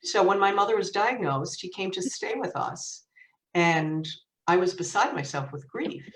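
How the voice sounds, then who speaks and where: Middle-aged woman author, low-pitched and animated, heard from a distance in an echoey room over a video call. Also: normal speed, slight background noise. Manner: lively anecdotal storyteller, laughs often. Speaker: author and guest. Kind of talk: storytelling in conversation. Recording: roomy echo, distant mic.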